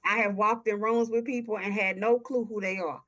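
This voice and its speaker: A woman in her early forties with a Southern accent from Texas, a guest speaking earnestly and slowly in an interview. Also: medium pitch, fairly even intonation, a bit bright. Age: early 40s. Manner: earnest, heartfelt, slow and emphatic. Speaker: guest, nonprofit founder. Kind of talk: interview conversation. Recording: dull lo-fi audio.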